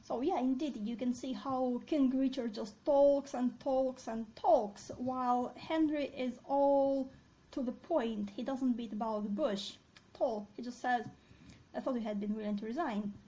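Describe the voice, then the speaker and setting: A woman's voice: high-pitched, steady tone, unhurried, mellow, rough recording. A woman teaching a discussion lesson on a play, asking her students questions and reading quoted lines aloud.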